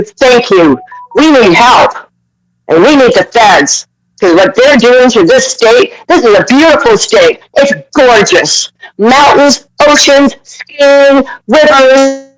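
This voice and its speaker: A woman's voice: on the high side, expressive, a little slow, soft background music, low-quality recording. Caller, woman from Canada, fired-up swearing rant, apologetic. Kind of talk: live audio chat room call-in.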